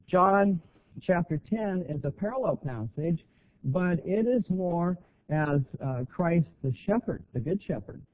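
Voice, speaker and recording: A middle-aged man preaching a sermon, halting, with many fillers and rising emphasis. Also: fairly high pitch. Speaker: guest preacher. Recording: tinny phone-like sound.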